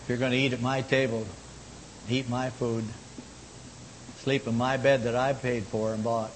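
A man preaching a sermon in a folksy manner, moving between loud exhortation and hushed, low tones. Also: level tone, normal speed. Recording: long hall reverb, faint rumble.

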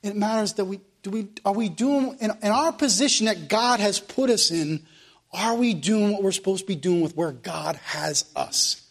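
A high-voiced man preaches a fervent sermon. He hammers phrases again and again, swinging from loud declarations to hushed ones. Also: normal speed.

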